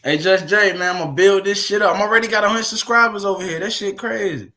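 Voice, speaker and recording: Brief: male streamer, fairly high voice, loose profane rambling chat to his viewers. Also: fast talker, sharp tone. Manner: profane, rambling, laughing between remarks. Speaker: livestream host. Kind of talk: casual livestream chat.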